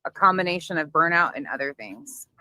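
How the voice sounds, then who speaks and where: Low-voiced woman hosting a livestream. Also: expressive, fairly quick, sharp tone, slight background noise. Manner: blunt, talks over clips to chat. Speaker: livestream host. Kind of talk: livestream commentary.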